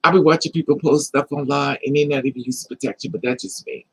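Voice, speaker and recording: A woman's voice: rumbling low, fairly even intonation, quick pace, husky, poor audio. A middle-aged woman chatting casually to her livestream viewers, sassy and emphatic, repeating her lines and calling people honey. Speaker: livestream host.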